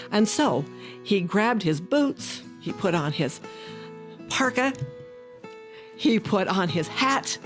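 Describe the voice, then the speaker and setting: A woman storyteller telling a folk tale in an expressive, sing-song way with dramatic pauses. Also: medium pitch.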